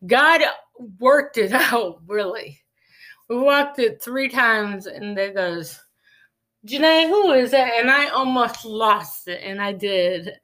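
A woman's voice: medium pitch, slow, pushed and bright. A woman hosting a faith-based podcast, talking earnestly and rambling, with frequent restarts. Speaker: podcast host. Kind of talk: casual faith-based monologue.

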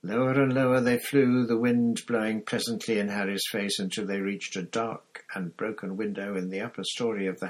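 A man reading an audiobook chapter with measured, expressive storytelling. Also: on the low side, husky. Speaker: audiobook narrator. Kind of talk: scripted narration.

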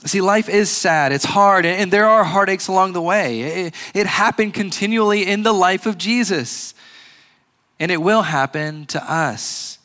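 A man preaching a sermon as pastor, earnest and measured, pausing and restarting often. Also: high-pitched, sharp tone. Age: adult with a grandfather recently passed.

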